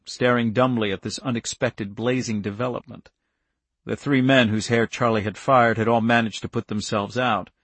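Husky-voiced male narrator, dramatic tense read, mid pitch, dry close recording. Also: fairly bright tone, no echo. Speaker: audiobook narrator. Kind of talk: scripted audiobook narration.

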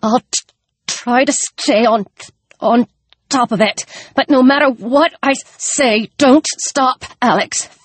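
A woman voicing a wounded, feverish young man who pleads in halting, breathless, stammering bursts. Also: fairly high pitch, no room sound, voice pushed up. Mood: desperate.

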